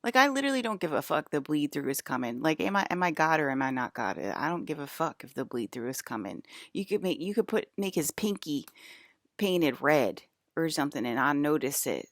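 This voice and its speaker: A young woman with a notably low-pitched voice talks straight into a close mic in a dead, dry room. She rambles with lots of fillers, swears freely and keeps working herself into irritation. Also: sing-song, a little fast, dry recording. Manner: profane, agitated, rambling with many fillers. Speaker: vlogger. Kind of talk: rambling monologue about dreams.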